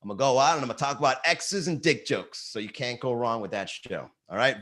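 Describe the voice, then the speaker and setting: A male comedian chatting on his daily live podcast in an ordinary mid-range voice. He tells rambling stories about his exes and swears freely. He keeps jumping into loud, high, exasperated voices to act out his reactions. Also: fast talker. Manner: animated storytelling, swearing, jumps into high excited voices for quotes. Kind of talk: casual live-stream chat. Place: Miami.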